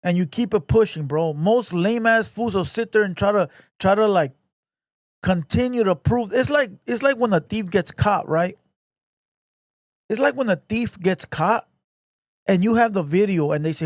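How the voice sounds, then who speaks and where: A man's voice: high-pitched, expressive, normal speed, no echo, studio quality. A man hosting his own channel, delivering a profane, confrontational rant and ending his lines with 'bro'. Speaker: channel host. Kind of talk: ranting commentary.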